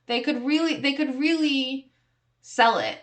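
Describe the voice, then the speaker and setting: A woman's voice: high-pitched, a little slow. A young woman hosting her own podcast, chatting casually with playful, snarky hot takes, often giggling and filling her talk with "like" and "um". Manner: chatty and giggly, heavy use of "like" and "um". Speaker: podcast host. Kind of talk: casual solo podcast chat.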